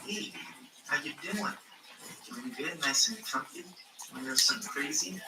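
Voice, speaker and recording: A man's voice: fairly high pitch, lively intonation, normal speed, noisy background. A man chatting casually while playing a game with friends, joking around and slipping into silly put-on voices. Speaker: gamer streaming with friends. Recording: roomy, distant mic, music behind.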